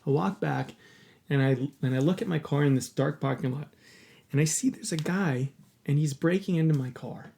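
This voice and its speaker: A man's voice: mid-range voice, gravelly, a little mellow. A man hosting a podcast, telling a personal story in an earnest, candid way and swearing casually. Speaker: podcast host.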